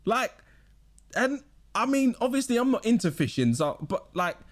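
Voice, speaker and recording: A man's voice: very high voice, big pitch swings, normal speed. A young man with a southern English accent hosting his own podcast in a rambling, casual chat full of slang and restarts. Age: young adult. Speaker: podcast host.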